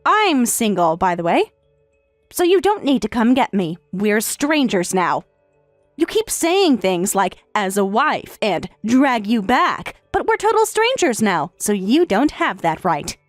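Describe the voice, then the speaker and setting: A woman voicing a calm, sarcastic wife in a text-message story, speaking in a matter-of-fact way. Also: fairly high pitch, unhurried, no echo, faint music behind. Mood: cool, sarcastic. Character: calm, sarcastic wife who has left her husband.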